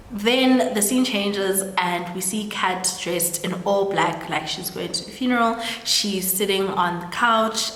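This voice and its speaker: Recorded in an echoey room with long reverb and a bit of hiss or hum, a South African woman with a medium-pitched, fairly bright voice casually retells a story. She's a chatty storytelling host who says "like" often and performs the characters' lines.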